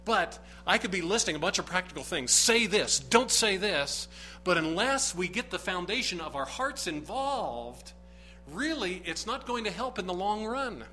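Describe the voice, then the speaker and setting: Bright, earnest male preacher. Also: high-pitched, animated, normal speed, a little hiss or hum, poor audio. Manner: earnest, emphatic preaching with rising bursts. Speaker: pastor. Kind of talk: sermon.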